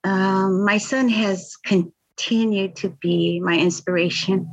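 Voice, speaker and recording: A woman's voice: medium pitch, fairly even intonation, slow pace, dull audio. A middle-aged woman, telling her story in an interview, earnest and impassioned, often repeating words. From Hawaii. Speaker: victims' advocate, guest.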